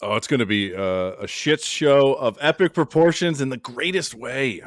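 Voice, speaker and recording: Man in casual podcast banter, joking and profane, mid pitch, dry. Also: moderate pace, no room sound. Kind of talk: casual chat.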